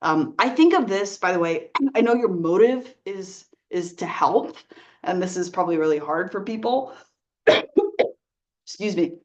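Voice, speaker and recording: A woman working as a life coach, giving earnest, gentle advice straight to the viewer and often checking in with "right?". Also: fairly low pitch, animated, measured pace, lo-fi sound, slight background noise. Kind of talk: advice talk to camera.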